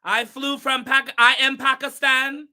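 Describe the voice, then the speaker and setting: Woman doing a comic guest character, put-on foreign accent, high, slow, repeats blessings, dodges questions. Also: little pitch movement, bright, forceful tone, full character voice. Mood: proud. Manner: repeats fixed blessing phrases, refuses personal questions. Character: brash self-proclaimed Pakistani woman guest, proud and evasive. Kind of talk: comedic character sketch.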